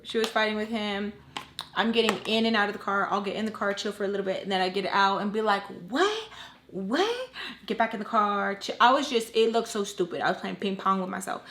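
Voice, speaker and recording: A young woman telling a personal story in a casual, animated way, with lots of swearing and "like", acting out the people she quotes. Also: medium pitch. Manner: animated, profane, many likes, acts out quoted people. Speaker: storytime vlogger.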